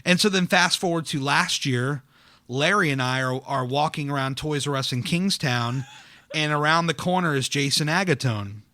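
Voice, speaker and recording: A man's voice: fairly high pitch, moderate pace, bright, forceful tone, no echo. A man hosting a podcast, chatting casually in a dining room and telling rambling, self-deprecating stories full of fillers. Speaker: podcast host. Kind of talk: casual chat.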